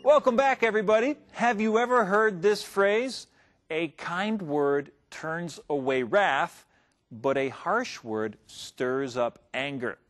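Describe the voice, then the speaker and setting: A man hosting a program, welcoming listeners back in a measured delivery. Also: sits high. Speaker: host. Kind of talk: presenting to listeners.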